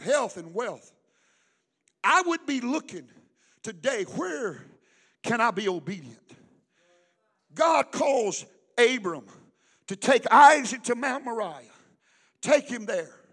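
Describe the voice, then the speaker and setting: High, bright-voiced preaching man. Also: husky, long reverb tail. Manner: preaching, swings from loud shouting to hushed storytelling. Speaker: pastor. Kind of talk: sermon.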